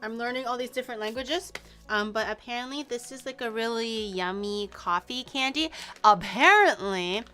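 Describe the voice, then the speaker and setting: A young woman from Canada, chatting casually on a stream while tasting snacks, excitable and swearing lightly. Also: fairly high pitch, brisk, clean tone, soft background music.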